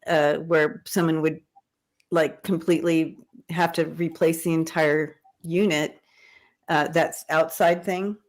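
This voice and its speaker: A woman's voice: low-pitched, level tone, slow pace. A middle-aged woman hosting a casual livestream chat, talking in a rambling way with many restarts. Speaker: host.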